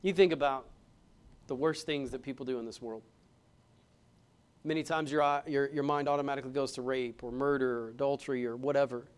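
A male pastor delivering a sermon, moving between hushed passages and loud, emphatic ones. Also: medium pitch, fairly even intonation, fairly quick, clean tone. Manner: dynamic preaching, swings from hushed to loud and emphatic. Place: church.

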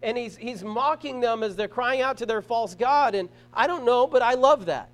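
A pastor preaches to his congregation in a church. His voice sits very high for a man. He talks earnestly, stressing points and circling back over his phrases. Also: moderate pace. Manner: earnest preaching with rising emphasis and repeated phrases. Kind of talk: sermon.

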